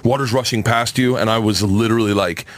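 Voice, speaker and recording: Fast-talking, excitable comedian man. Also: on the low side, slight background noise. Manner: excitable, profane, acts out quotes. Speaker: comedian guest. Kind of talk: animated storytelling in studio chat. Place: radio studio.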